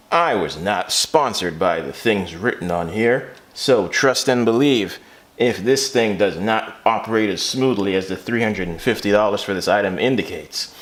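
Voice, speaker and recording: A channel host with a lowish, slightly bright voice runs a casual car repair vlog from his garage. He rambles as he works and jokes at his own expense.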